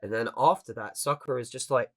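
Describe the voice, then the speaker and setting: Animated male podcast host. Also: mid-range voice, fast talker. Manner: animated retelling, acting out character quotes; swears casually. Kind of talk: casual chat about anime.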